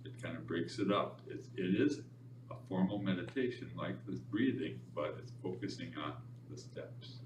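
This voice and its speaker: A man with a lowish voice leads a meditation class, relaxed and chatty. He sounds distant from the mic in a reverberant library room. Steady background noise sits under his voice. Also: moderate pace. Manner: relaxed and chatty, with easy laughs. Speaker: meditation teacher. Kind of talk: informal class instruction.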